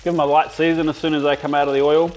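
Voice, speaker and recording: A man's voice: fairly high pitch, little pitch movement, racing, darkish tone, faint music behind. An Australian man hosting a casual cooking demonstration, chatty and enthusiastic as he talks while he cooks. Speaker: cooking show host.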